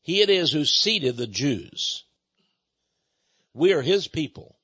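A man's voice: on the high side, animated, takes it slowly, sharp tone, slightly rough, dry recording, dull audio, full character voice. A man quoting an indignant older male heckler. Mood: solemn. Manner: indignant, insistent.

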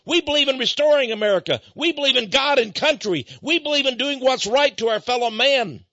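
A man's voice: very high voice, lively intonation, a little fast, pushed and bright, no echo, lo-fi sound. A man hosting a talk radio show, reading passages aloud in a dramatic way and commenting with mock alarm. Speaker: radio host. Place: studio office.

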